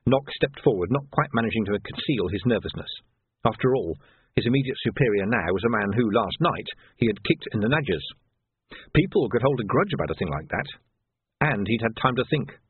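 A man reading a story aloud in a measured, wry narration. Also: fairly low pitch, animated, husky, dry recording. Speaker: audiobook narrator. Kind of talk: scripted narration. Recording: tinny narrow audio, dry.

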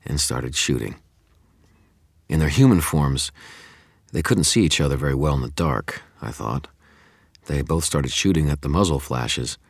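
A man narrates an audiobook with intense, dramatic first-person delivery. His voice sits extremely low and has a husky grain. The recording is dry and close. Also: no room sound.

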